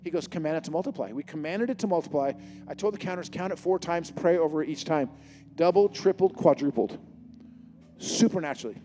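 A man preaching a sermon, telling a humorous testimony and acting out conversations in an animated storytelling manner. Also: fairly high pitch, brisk, in a large hall, a little hiss or hum.

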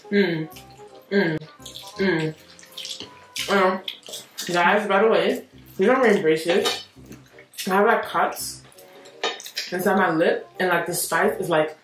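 Slow, giggly young woman vlogger. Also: on the low side. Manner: giggly, talking through spicy food. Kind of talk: casual chat, food challenge. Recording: echoey room, distant mic, faint music.

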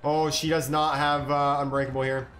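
A young man streaming a video game, swearing, shouting and laughing as he reacts to the match. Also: on the high side, moderate pace, a little hiss or hum. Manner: profane, excitable, yells and laughs at the game. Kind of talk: live gameplay commentary.

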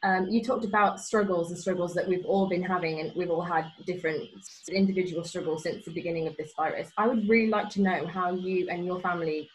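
An eager woman asks her question and apologizes for it as she goes. Her voice is fairly low for a woman. Faint background noise sits under her speech on the call. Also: steady tone, a little fast, hardly any pauses, rough recording.

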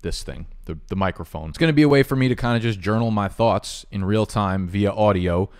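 A man hosting a fantasy football video, talking casually and playfully, swinging between loud bursts and low asides, with frequent swearing. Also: brisk.

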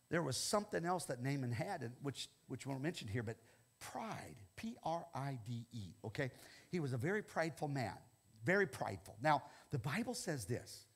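An older man preaching a sermon as pastor, animated and often checking in with "okay?". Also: medium pitch, normal speed, vocal fry, breathy edge. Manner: animated, repeats "okay?" often, laughs between lines.

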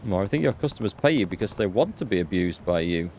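A calm, practical brawler who answers things bluntly and plainly, as a man reads him from the screen. The low voice barely departs from an ordinary speaking tone. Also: fast talker, a little hiss or hum. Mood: dry. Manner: dry, matter-of-fact. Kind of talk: reading game subtitles aloud.

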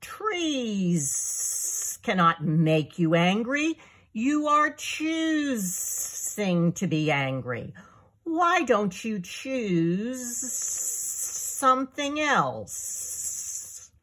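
Clever she-snake, read by a woman, unhurried and coaxing, breathy tone. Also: on the high side, big pitch swings, fairly bright tone, full character voice. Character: clever female jungle snake. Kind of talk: storybook reading.

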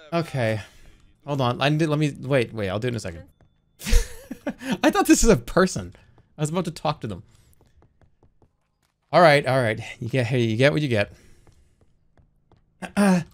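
A man livestreaming who chats casually and sarcastically, talking straight to his viewers. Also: a little high. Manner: sarcastic, joking, talks straight to the chat.

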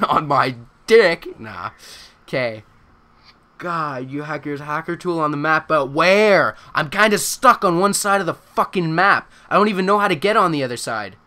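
Young man swearing and yelling through a game. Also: a little high, animated, measured pace. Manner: swears a lot, panics and yells at the game. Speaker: gaming streamer. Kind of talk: live gameplay commentary.

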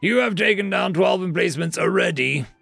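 A man voicing an alarmed, clawed alien soldier who shouts in panic. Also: medium pitch, very animated, moderate pace, dry recording, faint music behind. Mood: shocked.

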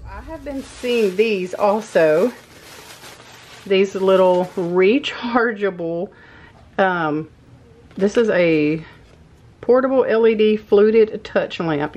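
A woman's voice: medium pitch, a little mellow. Chatty woman vlogger. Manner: friendly, rambling, uses y'all, laughs often. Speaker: vlog host. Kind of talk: casual chatty voiceover and haul talk. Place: home.

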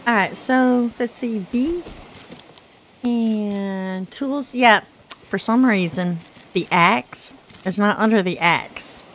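A woman in her thirties with a Southern US accent, chatting casually through gameplay, her voice rough from congested sinuses. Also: mid-range voice, slow, fairly bright tone, a little hiss or hum. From Southern United States. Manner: chatty, rambling, self-deprecating with fillers. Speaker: gaming channel host.

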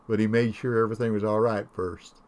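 Folksy man chatting while gaming. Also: on the low side. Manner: folksy, rambling storytelling. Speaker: game streamer. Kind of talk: casual chat while gaming.

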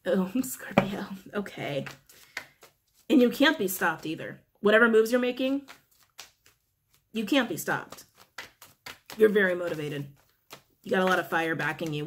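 A woman giving a casual spoken tarot reading to her viewers, chatty and emphatic, repeating her phrases and often breaking into laughter. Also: mid-range voice. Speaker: tarot reader.

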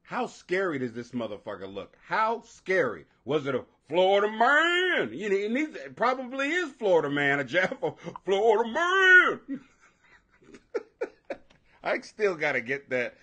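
Loud, high-voiced, profane man in his forties. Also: a little slow. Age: 40s. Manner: profane, loud, laughing, animated. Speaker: livestream host. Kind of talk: casual ranting commentary.

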